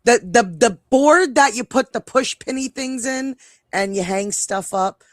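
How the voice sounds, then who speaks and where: A woman's voice: on the high side, a little slow, dry recording. Chatty New York woman, dry close sound. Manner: chatty, rambling, self-interrupting. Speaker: co-host. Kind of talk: casual live-stream chat.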